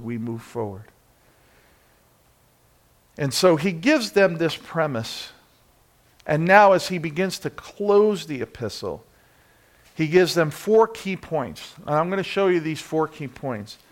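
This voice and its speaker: A man preaching a sermon in church, talking to the congregation with rhetorical questions, singing bits of a hymn and moving from quiet to loud. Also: a little high. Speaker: pastor.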